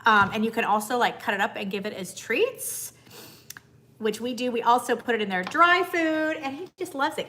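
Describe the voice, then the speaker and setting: A woman with a high, bright voice chats casually on a live stream. She is bubbly, greets viewers by name and coos to her dog. Faint noise sits behind her. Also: normal speed. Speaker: livestream host.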